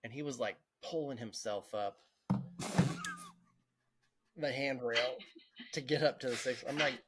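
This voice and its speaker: A man's voice: mid-range voice, unhurried, long pauses, background noise. A man, a podcast co-host telling stories casually, laughing through them and swearing freely. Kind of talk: casual storytelling.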